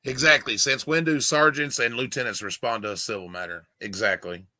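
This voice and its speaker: A man's voice: medium pitch, fairly even intonation, brisk, pushed and bright, no room sound. A man hosting a video, giving casual commentary in an emphatic, indignant way. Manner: emphatic, indignant, doting with his dog. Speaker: video host.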